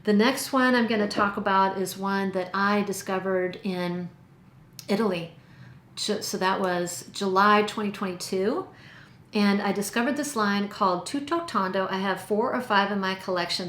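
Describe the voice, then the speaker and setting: A woman's voice: medium pitch, moderate pace, a bit bright, slight background noise. A woman casually reviewing perfumes in a chatty, enthusiastic way, stretching out her descriptive words. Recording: roomy echo.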